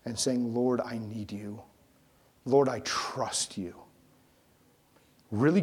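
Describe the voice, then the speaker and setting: A man preaching a sermon, telling a story with acted-out quotes and sound effects. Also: mid-range voice. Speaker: pastor.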